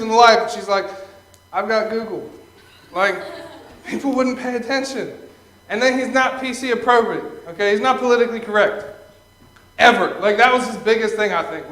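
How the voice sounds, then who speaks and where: A man's voice: high-pitched, a bit bright, roomy sound, rough recording. A young man performing Christian stand-up comedy in a conversational way, chuckling at his own jokes and acting out little characters.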